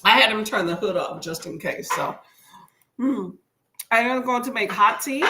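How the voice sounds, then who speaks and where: Her voice sits on the high side and moves at normal speed over some background noise. Hosting a casual reading-sprint livestream from home by the kitchen, she reads viewers' comments aloud and answers them in a homey, y'all-style manner. A brief cough and a stuffy nose come through.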